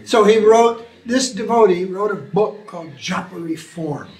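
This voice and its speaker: A man answering questions as a spiritual teacher in an informal talk, animated, sometimes imitating chanting. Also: high-pitched, measured pace, a little hiss or hum. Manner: animated storytelling, mimics chanting. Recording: echoey room from far off.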